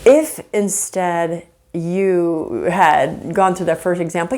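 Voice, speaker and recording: A woman teaching about marriage from a faith angle, earnest and animated, often acting out example conversations. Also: fairly low pitch, takes it slowly, hardly any pauses. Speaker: marriage counselor. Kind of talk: faith-based relationship teaching.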